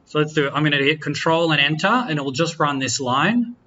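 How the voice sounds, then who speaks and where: A man talks through software for a lecture room, easygoing and a little rambling, often stopping to fix himself. His voice sits fairly high and bright, with a slightly dull, lo-fi recording and a faint hum of room noise behind him. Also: a little fast. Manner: relaxed, chatty, self-correcting, jokes with students. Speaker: university lecturer. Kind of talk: classroom software walkthrough.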